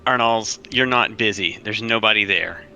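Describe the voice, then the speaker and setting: A man's voice: lowish voice, moderate pace, pushed and bright, soft background music, poor audio. A man playing a tabletop game, talking in a friendly, coaxing way with stammered restarts. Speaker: player.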